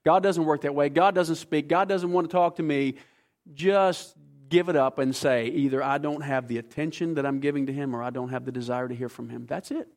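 A man preaching a sermon as pastor, emphatic, swinging between hushed, slow passages and forceful ones. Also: fairly high pitch.

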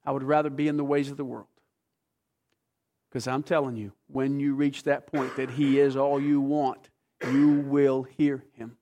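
A man preaching a sermon as pastor, emphatic, swinging between hushed, slow passages and forceful ones. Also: mid-range voice, little pitch movement.

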